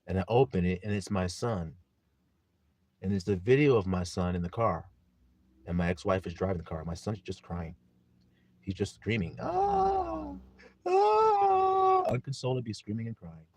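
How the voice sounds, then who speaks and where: A man preaching a sermon, reading scripture loudly and turning quiet for personal stories, often asking his listeners if they see. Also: deep voice, moderate pace, no echo. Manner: casual, blunt preaching with mild swearing.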